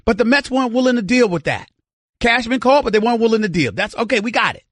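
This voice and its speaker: A man's voice: extremely high pitch, animated, fast talker, a bit bright, no echo, studio quality. A middle-aged man hosting a sports radio show, ranting heatedly with lots of repeated words while nursing a strained voice. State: straining an irritated voice after vocal cord surgery. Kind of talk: opinionated sports talk monologue. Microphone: studio mic.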